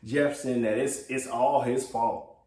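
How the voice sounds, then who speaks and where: A man's voice: medium pitch, fairly even intonation, unhurried, darkish tone. Chatty man recapping in a roomy echo. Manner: loose and chatty, full of fillers, keeps saying "man". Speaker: TV show recap blogger. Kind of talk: casual episode recap.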